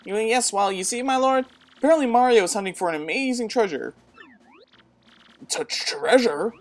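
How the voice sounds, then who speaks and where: Donna che fa una vecchia strega servile e smorfiosa. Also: female voice, moderate pace, lightly acted. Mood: simpering. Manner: simpering, overly polite, pitched up. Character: fussy old female turtle witch servant.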